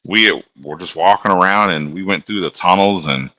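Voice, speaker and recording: A man's voice: deep voice, moderate pace, pushed and bright, no echo. A man, a guest telling laid-back stories on a podcast and laughing often. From Alabama. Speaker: guest, locomotive engineer. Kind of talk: casual storytelling on a podcast.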